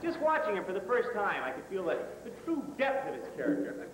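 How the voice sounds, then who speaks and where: A man with a high, animated voice delivers mock film-critic banter, stammering and self-important. The sound comes from an old camcorder tape in a hall with lots of echo and a faint hiss. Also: a little fast. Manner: stammering, pompous. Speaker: student comedy skit performer. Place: stage in a hall.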